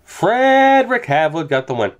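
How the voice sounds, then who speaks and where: Brief: young male gamer, animated swings in pitch, sweary and hyped play-by-play commentary. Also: normal speed. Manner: excitable, swears, rants then talks softly to his dog. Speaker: gaming YouTuber.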